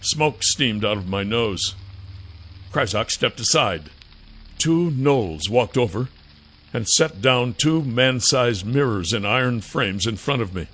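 A man narrating a first-person fantasy audiobook in a measured way. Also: medium pitch, expressive, fairly bright tone, faint music behind.

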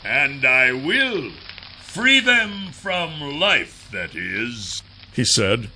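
A man voicing a cold, sneering male villain in an audiobook, drawing out his taunts slowly. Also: medium pitch, very animated, bright, forceful tone, slight background noise, exaggerated voice. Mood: mocking. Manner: slow, drawn-out, taunting delivery. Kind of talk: audiobook character voice.

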